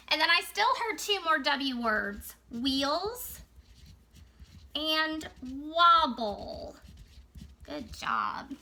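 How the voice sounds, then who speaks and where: High, bright teacher reading to little kids. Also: female voice, takes it slowly. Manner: animated, sing-song storytime voice with gasps and cheers. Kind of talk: reading a picture book aloud to young children.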